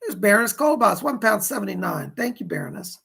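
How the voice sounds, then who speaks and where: A hoarse man giving live psychic readings, passing on spirit messages in quick "he said, she said" bursts. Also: high voice, animated, bright, forceful tone. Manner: relays spirit messages in rapid "he said" quotes. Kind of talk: livestream readings, casual and excitable.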